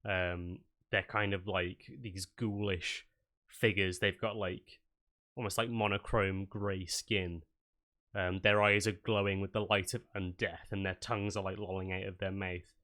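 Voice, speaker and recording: Man, game master, lowish voice, casual narration, lots of fillers. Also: level tone, a little slow, sharp tone. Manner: casual, loose, with many fillers.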